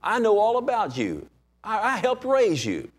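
A man's voice: sits high, wildly swooping pitch, unhurried, pitched above the performer's own voice, full character voice. A man voicing a big sister who reproachfully reminds her younger brother how she raised him. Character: older sister scolding her little brother.

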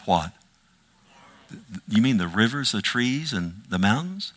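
Bright-voiced, impassioned male pastor preaching. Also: fairly low pitch, animated, unhurried. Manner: impassioned, swinging from loud declarations to hushed whispers; calls out "Amen?" to the congregation. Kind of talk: sermon.

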